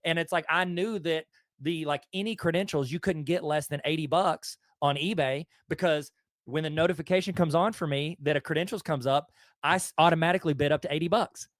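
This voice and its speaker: Man, Southern US accent, host, enthusiastic storyteller, high-ish voice, dry close sound. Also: a little fast, no echo. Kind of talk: casual conversation.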